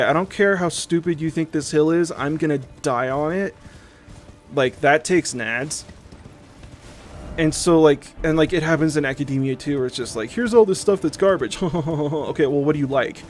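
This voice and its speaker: A young man chatting casually on a livestream, animated and profane, often mimicking other people in quick asides. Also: on the high side. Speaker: streamer.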